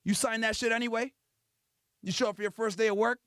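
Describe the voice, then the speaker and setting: A man's voice: very high-pitched, fairly even intonation, fast, fairly bright tone, clear, resonant tone, no room sound, studio quality. A male podcast host telling a profane comedic rant in a mocking, crude storytelling manner.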